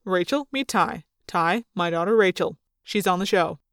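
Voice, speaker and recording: A woman voicing a brisk middle-aged father in an audiobook, in a lowered voice. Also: animated, fairly bright tone, clear, resonant tone, no room sound, clean studio sound.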